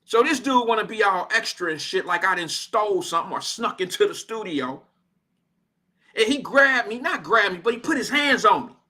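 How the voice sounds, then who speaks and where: An American man with a high, bright and forceful voice hosts a radio show from the studio. He tells a story in an animated, slangy, casual way. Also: moderate pace. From Cincinnati, Ohio, USA. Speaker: radio host.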